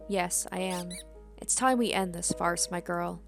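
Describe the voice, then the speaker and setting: A woman reading a calm, stern girl companion. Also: lowish voice, measured pace, gravelly, soft background music. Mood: firm. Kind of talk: reading game dialogue aloud.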